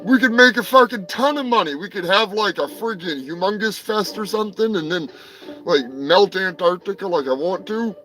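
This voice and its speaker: A high, bright male voice tears through crude comedy news commentary with profane rambling. He breaks into sudden shouts, with faint music behind him. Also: normal speed, rough recording. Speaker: host.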